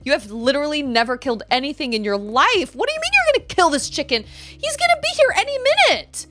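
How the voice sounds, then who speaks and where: A whiny, frantic teenage girl with a thick New York Italian accent, put on by a woman storyteller. She pleads in a high, rapid voice with plenty of punch. Faint music plays behind her. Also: a bit bright. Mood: exasperated.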